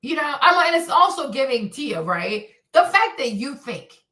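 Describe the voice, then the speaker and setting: Woman, live-stream commentary, chatty, exasperated, slangy, high-ish voice, echoey room. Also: sing-song, normal speed, sharp tone, far from the mic.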